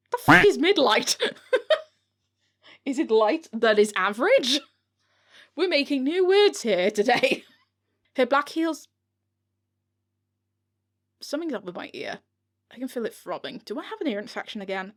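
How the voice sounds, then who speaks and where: Giggly British woman reading bloopers. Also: fairly high pitch. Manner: giggly, breaks into laughter, swears at her own slips. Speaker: author narrating her own audiobook. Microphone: home recording mic.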